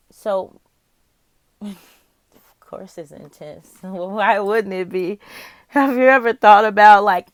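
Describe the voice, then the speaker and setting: A woman's voice: medium pitch, no room sound. Candid, swearing woman reading tarot. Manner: candid and profane, with frequent laughs; musing aloud, talking straight to the viewer. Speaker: tarot reader.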